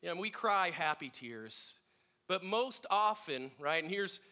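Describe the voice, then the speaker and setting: A man's voice: high voice, a little slow. A middle-aged man sharing personal family stories in a reflective sermon, acting out voices as he tells them. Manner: reflective, animated in quoted voices.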